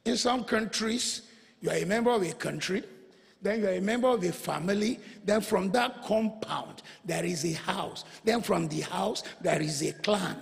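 High-voiced gravelly pastor preaching slowly. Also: male voice. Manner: emphatic call-and-response, repeats phrases and has the congregation echo them; bursts into shouts. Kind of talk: energetic preaching sermon. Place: church before a congregation.

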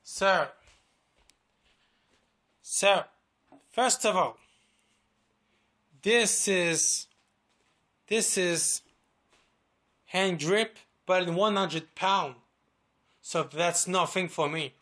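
Bright-voiced rambling man, boastful vlogger. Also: high-pitched, drawn-out words, long pauses. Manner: rambling, repeats words, swears a lot, boastful. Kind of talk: rambling casual vlog.

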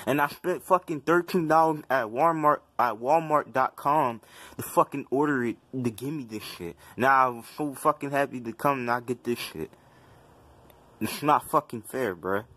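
Husky young male vlogger, mid-range voice, venting angrily with constant swearing. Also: mid-range voice, moderate pace, fairly bright tone, no echo. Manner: agitated, profane, repetitive complaining. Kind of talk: casual rant to camera.

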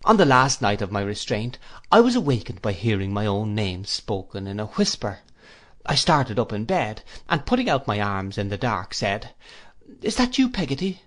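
A man reading an audiobook in a measured, reflective storytelling manner. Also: on the low side, sing-song, fairly bright tone. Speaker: audiobook reader. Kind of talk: audiobook narration.

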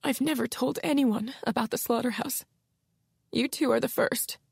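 A woman narrator voicing a terrified, haunted woman who talks in a hoarse voice close to tears, pleading and frantic. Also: fairly high pitch, steady tone, moderate pace, darkish tone, dry recording, voice pushed up. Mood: grieving. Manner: frantic, pleading, rising into panic. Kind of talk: audiobook character voice.

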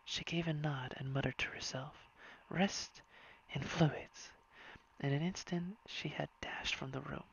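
A reader narrating a whispered bedtime story in a soft, hushed and unhurried way. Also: medium pitch, steady tone, creaky, slightly rough. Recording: dull lo-fi recording.

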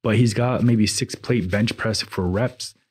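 A man with a husky, lowish voice chatting on a fitness podcast. He rambles and restarts as he tells stories about gym culture, loose and conversational. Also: fairly even intonation, a little slow. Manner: rambling, hesitant, many restarts. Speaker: podcast co-host and trainer. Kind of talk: casual podcast chat.

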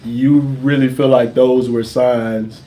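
A young man in casual storytime chat, relaxed and conversational, asking questions. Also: mid-range voice, takes it slowly, a little hiss or hum. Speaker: vlogger, father.

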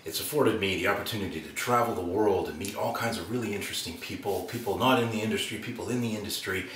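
An actor, telling a personal anecdote in an animated way and acting out quotes. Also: male voice, lowish voice, fast talker, far from the mic, slight background noise. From Canada. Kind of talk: anecdotal storytelling. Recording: roomy room, speaker set back from mic.

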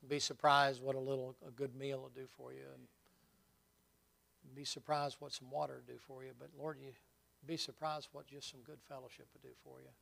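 A man's voice: mid-range voice, little pitch movement, a little fast, gravelly, fairly bright tone. A man voicing the prophet Elijah as a weary, worn-out man who talks in an earnest, rambling country way.

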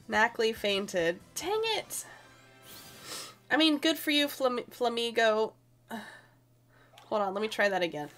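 A woman's voice: fairly high pitch, animated, takes it slowly, pauses often, a bit bright. A young woman streaming a video game, giggly and chatty, talking to the characters on screen. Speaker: gaming streamer. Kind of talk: casual let's-play commentary. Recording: faint game music behind.

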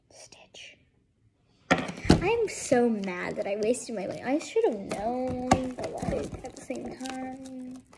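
High, lively teen vlogger grumbling over noise. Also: creaky. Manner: grumbling, exasperated, rambling asides to viewers. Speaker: vlogger unboxing an advent calendar. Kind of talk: casual unboxing vlog. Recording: loud background noise.

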